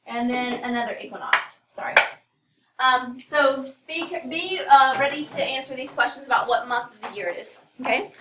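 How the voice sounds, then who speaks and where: A woman's voice: high-pitched, normal speed, fairly bright tone, slight background noise. A woman teacher giving a casual classroom lecture, full of fillers and asides. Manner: casual, rambling, many fillers. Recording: echoey classroom from a distance.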